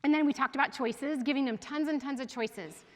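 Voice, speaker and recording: A chatty woman with a slightly high voice leads a parenting workshop for a room of parents, laughing easily and checking in with her audience. Her voice rings out with a long hall reverb, as if heard at a school evening event. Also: a little fast. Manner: chatty and animated, often laughing and asking the audience. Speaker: school division head giving a parenting talk. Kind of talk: casual workshop talk to parents.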